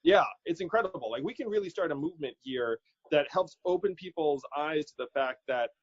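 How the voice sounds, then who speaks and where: A man's voice: on the high side, expressive, fairly quick, dry recording. A man being interviewed as a political candidate, talking casually and animatedly, quoting people in his stories and laughing easily. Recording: dull lo-fi audio.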